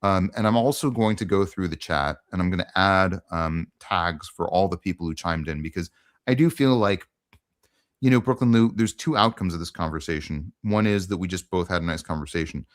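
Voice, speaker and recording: A man's voice: low voice, fairly quick. A man hosting a casual online conversation, talking earnestly with frequent ums. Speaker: host.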